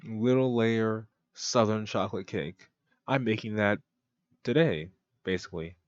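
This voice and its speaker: A man's voice: lowish voice, unhurried, no echo, muffled recording. A man streaming a casual reaction commentary, rambling and joking with mock-French asides. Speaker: streamer reacting to a cooking video.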